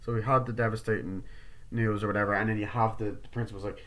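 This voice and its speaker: A man with a fairly low, fairly bright voice and little pitch movement gives a casual movie review for a film vlog. He rambles, leaning heavily on fillers like "like" and "you know," and briefly acts out characters' lines in quick impressions.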